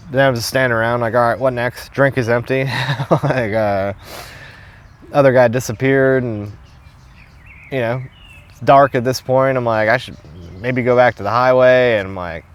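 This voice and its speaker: A young man from New York telling a hitchhiking story in loose, casual talk, swearing freely and laughing often. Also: mid-range voice. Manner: loose and profane, laughs often, lots of fillers.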